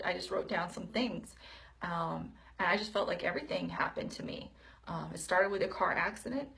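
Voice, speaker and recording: Woman rambling through her thoughts on camera, lots of ums and likes, bit of gravel in her voice. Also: lowish voice, fairly bright tone. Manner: halting, many fillers and restarts. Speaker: video diarist. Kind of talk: personal reflective talk.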